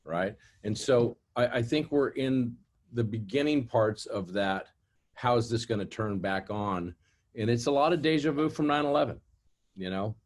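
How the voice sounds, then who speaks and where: A man's voice: medium pitch, lively intonation, normal speed. A man telling rambling, profane stories on a casual industry call. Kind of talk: casual chat.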